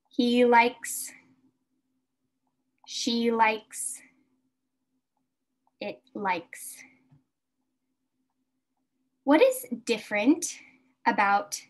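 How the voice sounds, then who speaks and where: A woman teaching a beginner English class, speaking slowly and carefully and repeating words for her learners. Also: fairly high pitch. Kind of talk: slow beginner English lesson.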